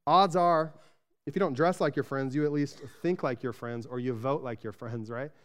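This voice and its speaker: A smooth-voiced pastor from Arizona, USA, preaches a casual sermon at medium pitch and normal speed. He's chatty, often throwing "right?" to the congregation, and tells stories animatedly, growing louder when excited.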